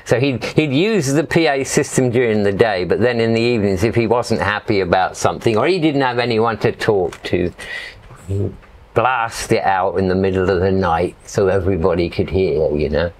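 Chatty lowish-voiced English man. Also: moderate pace, a little hiss or hum. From England. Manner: chatty, rambling, full of "you know". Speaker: guest. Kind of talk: casual storytelling.

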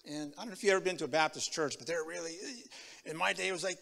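A man from Tacoma, Washington, giving a sermon with his personal testimony, telling it in an animated way that swings from loud to hushed. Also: a little high, very fast, vocal fry, big-room sound. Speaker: guest preacher. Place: church sanctuary.

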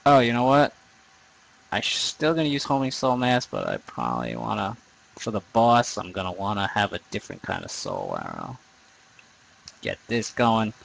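A man's voice: on the low side, huge pitch swings, moderate pace, gravelly, fairly bright tone, low-quality recording. A young man giving casual let's play commentary over a game, rambling, swearing often and poking fun at himself. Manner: profane, rambling, self-deprecating. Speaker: gaming commentator.

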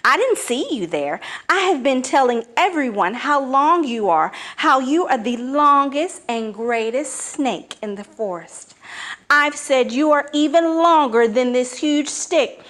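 A woman's voice: high-pitched, lively intonation, measured pace, fairly bright tone, voice pushed up. A woman voicing a cunning, boastful male spider trickster with an eager, wheedling, theatrical manner.

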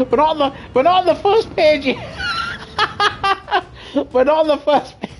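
A man with a notably high voice commentates a racing game live. He chats to his viewers in loose banter and bursts into excited yelling at the race. Soft music plays faintly in the background. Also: a little slow, long pauses. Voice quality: high-pitched voice. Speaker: gaming streamer.

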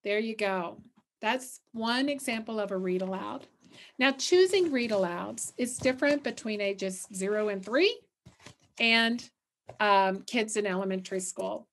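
A woman's voice: mid-range voice, measured pace, fairly bright tone. A middle-aged woman who coordinates literacy work, reading a picture book aloud with questions for listeners and then giving parents tips.

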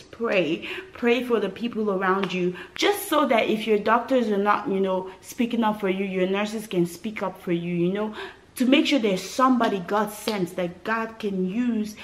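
A young woman from West Africa tells her own story straight to the camera, animated and emphatic. Her voice sits at a middle pitch. She talks casually, as a vlogger speaking to her viewers. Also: slight background noise.

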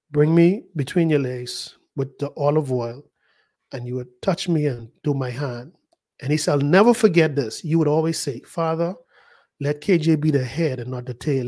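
A middle-aged man preaching a sermon as pastor, praying aloud and telling a personal story, swinging between loud and hushed. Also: a little high. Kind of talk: sermon with prayer.

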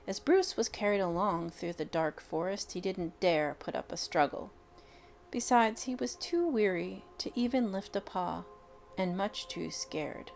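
A woman reading a picture book aloud, expressive and unhurried with dramatic pauses. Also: medium pitch, gravelly. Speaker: storyteller. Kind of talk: storybook read-aloud.

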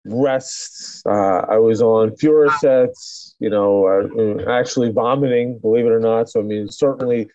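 A man's voice: medium pitch, unhurried, hardly any pauses, a little mellow, no room sound, muffled recording. A middle-aged man, a chiropractor, telling his story in a casual interview with many restarts and fillers. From New York. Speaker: chiropractor guest.

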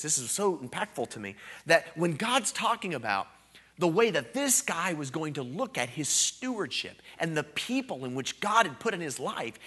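Guy preaching a revival sermon, lively voice that jumps around, bright edge to it. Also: a little high, husky. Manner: animated storytelling, rising to loud emphatic peaks. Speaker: guest preacher.

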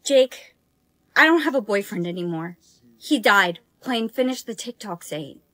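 A synthetic text-to-speech woman's voice telling a storytime in a flat, machine-even delivery. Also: mid-range voice, a little slow, no room sound.

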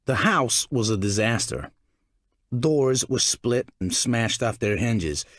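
Measured and expressive, a man narrates a scripted audiobook story in a medium pitch. The recording is clean studio sound with no reverb, completely dry.

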